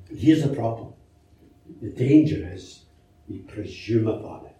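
A man's voice: on the low side, expressive, a little slow, long pauses, warm tone. A man preaching a sermon in a conversational way, asking rhetorical questions and telling anecdotes, heard in a church. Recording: very echoey church hall from a distance.

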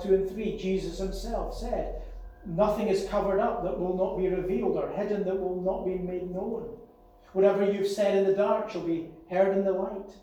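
Pastor preaching, higher voice, sounds far off in a big echoey church. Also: male voice, dark tone. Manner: earnest preaching, building to raised warning passages. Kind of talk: sermon. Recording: distant echoey church hall with faint hum.

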